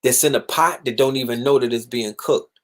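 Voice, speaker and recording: A young man hosting a casual livestream monologue, animated and profane, sometimes mocking others in put-on voices. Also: medium pitch, brisk. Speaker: livestream host.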